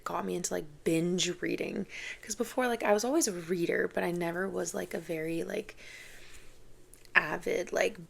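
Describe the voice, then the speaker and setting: A woman's voice: lowish voice, vocal fry. A woman in her twenties, a book vlogger, talking in a chatty, casual way full of "like" fillers. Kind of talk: casual chat.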